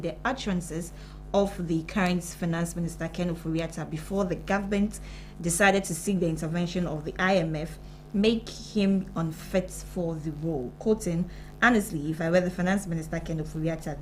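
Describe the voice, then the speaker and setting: Low-voiced Ghanaian woman reading news. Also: a little hiss or hum, low-quality recording. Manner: steady news-reading delivery with brief backchannels. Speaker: morning show co-host reading news. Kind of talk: news reading and studio chat. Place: broadcast studio.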